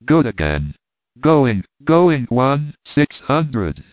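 A man's voice: mid-range voice, big pitch swings, drawn-out words, no room sound. A man reading a pushy auctioneer. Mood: calling. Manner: calling out bids. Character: auctioneer, male, pleading and persuasive. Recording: thin phone-like dry sound.

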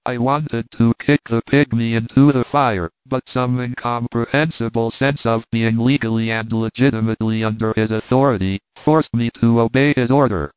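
A man reads a story aloud, steady and deliberate, in a smooth, resonant voice. The sound is dry and squeezed into a tinny, phone-like band. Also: mid-range voice, no room sound. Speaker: narrator. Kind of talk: audiobook reading.

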